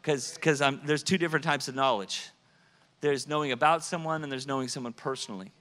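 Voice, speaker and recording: A man's voice: medium pitch, fairly even intonation, brisk, pushed and bright. A man preaching a sermon, emphatic, shifting his pace and volume for effect and repeating words as he builds a point. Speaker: pastor.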